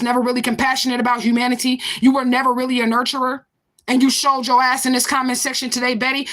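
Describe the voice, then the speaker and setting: High, bright-voiced woman ranting at a troll. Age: 40s. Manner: confrontational, profane, repetitive. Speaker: vlogger. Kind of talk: ranting to camera.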